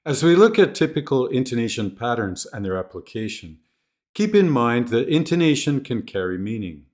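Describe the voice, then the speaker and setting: Man, mid-pitch, scripted teacher-training narration; slows down to model example phrases clearly. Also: very animated, a little mellow.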